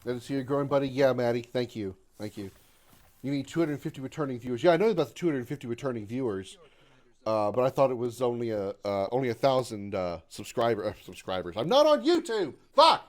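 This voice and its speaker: A man in his thirties talks to his chat while he plays a video game. He keeps up loose, profane banter and reads viewer comments aloud, full of fillers and quick asides. His voice sits in a middling pitch. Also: a little mellow. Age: 30s. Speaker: gaming livestreamer. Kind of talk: casual live-stream chat while gaming.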